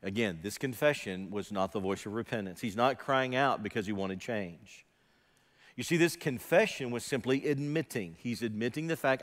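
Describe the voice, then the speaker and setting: A man delivers a sermon from the pulpit, driving his points home with pointed rhetorical questions. His mid-pitched voice drops to quiet asides and then climbs to loud, raised passages. The sound carries a long reverb, as in a large church sanctuary. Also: normal speed. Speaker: pastor.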